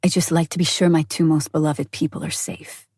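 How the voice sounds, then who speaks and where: A commanding British-accented lover, speaking low and hushed with quiet authority, as a woman narrator puts him on. The tone is mellow and a little breathy, recorded close and dry for an audiobook. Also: level tone, brisk, dry recording. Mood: commanding, teasing.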